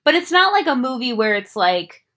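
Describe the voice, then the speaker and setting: A woman co-hosting a casual movie discussion, animated and jumping up in pitch when she acts out scenes. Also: normal speed. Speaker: podcast co-host.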